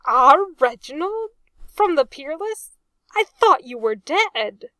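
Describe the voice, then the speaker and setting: A woman voicing a hot-headed young English naval officer who shouts and boasts loudly in a storybook reading. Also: very high-pitched, huge pitch swings, drawn-out words, no echo, pitched above the performer's own voice, full character voice. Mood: alarmed. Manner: loud, indignant shouting.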